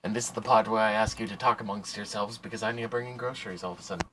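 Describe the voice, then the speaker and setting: Bright-voiced game master. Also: male voice, lowish voice, steady tone, slight background noise, low-quality recording. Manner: casual, quick asides. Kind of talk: narrating a tabletop game.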